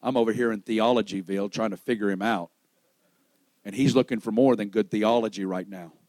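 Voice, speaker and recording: A man's voice: on the low side, steady tone, brisk, no echo. Dramatic preacher man, dry close sound. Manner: dramatic, swings between loud exclamation and hushed storytelling; acts out quoted dialogue in the stories he tells. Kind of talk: sermon.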